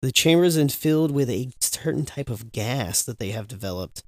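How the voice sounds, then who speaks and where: Casual, profane podcast host. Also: male voice, medium pitch, brisk, few pauses, a little mellow, dry recording, studio quality. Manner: loose, profane, rambling and joking.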